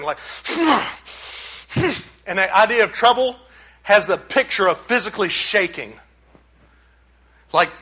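High, bright-voiced preaching pastor. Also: male voice, low-quality recording. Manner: conversational, emphatic, rhetorical questions. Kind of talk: sermon.

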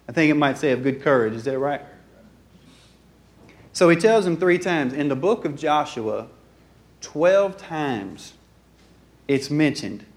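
A pastor preaches to his church in a relaxed, joking way, slipping into little acted-out scenes. His voice sits a touch high for a man. He sounds like he is in his thirties. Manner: folksy and joking, acting out dialogue. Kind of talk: conversational sermon. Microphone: handheld or stand mic.

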